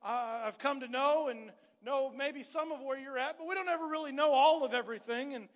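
A man preaching a sermon in a church, with an impassioned, repetitive cadence that often rises to shouting. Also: very high-pitched, brisk. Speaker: pastor. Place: church sanctuary. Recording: long hall reverb with music behind. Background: worship band playing.

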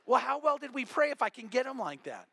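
A male pastor preaching a sermon, telling stories with lively acted-out quotes. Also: very high-pitched, brisk, gravelly, dry recording. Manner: animated storytelling with acted quotes. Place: church.

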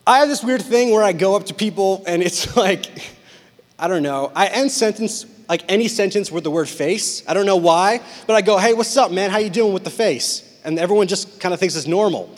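Speaking a little fast, a youth pastor with a fairly high voice gives an animated, joking storytelling sermon to teens. He acts out quoted lines for laughs, and a long reverb rings off the walls of the big hall.

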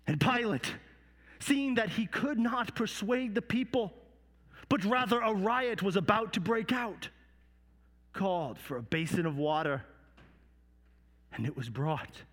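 A man performing a dramatic monologue as a Roman soldier, hushed and halting at times. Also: sits high, animated, big-room sound. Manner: storytelling with hushed dips and halting repeats. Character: remorseful Roman soldier telling his story. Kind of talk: dramatic first-person monologue.

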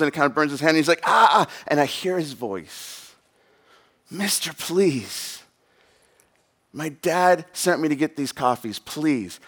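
A man's voice: on the high side, a bit bright. A man in his thirties preaching a sermon in a casual, rambling way, full of fillers and asides. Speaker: pastor.

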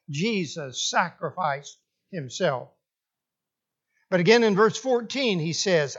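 A man preaching a sermon, slow and deliberate, often restarting his phrases for emphasis. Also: sits high, animated, lo-fi sound.

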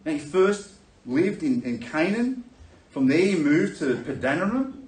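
A man preaching a sermon, telling a Bible story in a lively way and acting out the characters with laughter. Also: fairly high pitch, unhurried. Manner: animated storytelling, acts out voices with laughter. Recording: echoey room, voice from a distance.

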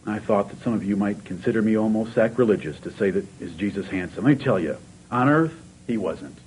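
A man's voice: on the low side, animated, a little fast, darkish tone, a little hiss or hum, low-quality recording. A man preaching a sermon, asking the congregation question after question and rising to fervent emphasis.

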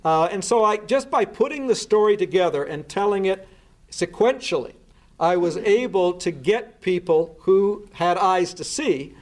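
A man giving a talk, earnestly recounting events step by step and restarting his words as he goes. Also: high-pitched. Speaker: speaker recounting a case. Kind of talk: spoken storytelling talk.

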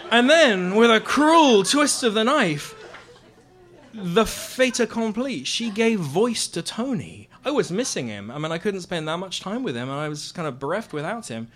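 A man's voice: high voice, a bit bright. A man telling a wry, self-mocking personal story on stage. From Britain.

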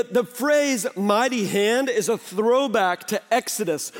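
A man in his thirties preaching a sermon as a pastor, animated, often acting out the voices of people and of God. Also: high voice. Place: church sanctuary. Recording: long hall reverb in a church.

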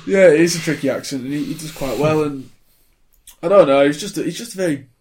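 A man's voice: fairly high pitch, quick pace. Blunt man in his twenties. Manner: blunt, wry, animated when ranting. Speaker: podcast co-host reviewing films. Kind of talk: casual chat.

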